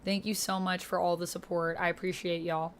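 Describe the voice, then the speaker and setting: A woman's voice: lowish voice, flat delivery, fairly quick, slight background noise. A woman livestreamer in casual chat with her viewers, upbeat, thanking them and reading chat aloud into a desk streaming mic.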